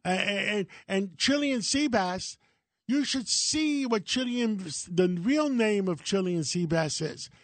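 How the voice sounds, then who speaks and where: A man's voice: sits high, lively intonation, slow, no room sound. A man in his seventies, co-hosting a radio show, giving folksy and opinionated advice in casual talk. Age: 70s. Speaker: radio co-host.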